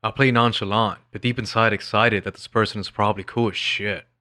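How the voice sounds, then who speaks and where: Wry, bright-voiced man narrating. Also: on the low side, steady tone, fairly quick. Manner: wry, blunt and sardonic. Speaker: narrator of his own story. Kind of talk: scripted personal narration.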